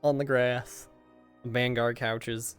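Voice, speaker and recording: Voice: medium pitch, level tone, slow pace, clear, resonant tone, faint music behind. A streamer chatting casually to viewers out of character, rambling and exasperated, swearing heavily. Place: at home, recording in virtual reality.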